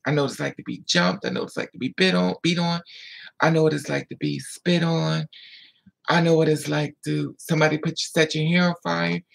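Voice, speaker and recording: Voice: mid-range voice, vocal fry. A vlogger telling a painful personal story in a blunt, raw way, repeating phrases and swearing freely.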